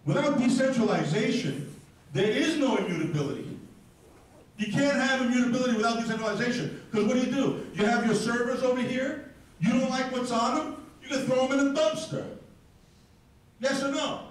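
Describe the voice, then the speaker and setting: A man with a high voice delivers a combative, profane rant to a live audience. He is heard from a distance, and the room rings with heavy echo around every word. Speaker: speaker at a crypto event. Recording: very echoey, distant mic in a hall.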